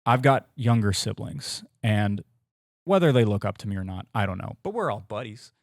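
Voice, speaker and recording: A man's voice: lowish voice, animated, moderate pace, gravelly, dry recording, studio quality. A young man, a sports commentator, talking earnestly in a casual podcast interview, thinking aloud with frequent restarts.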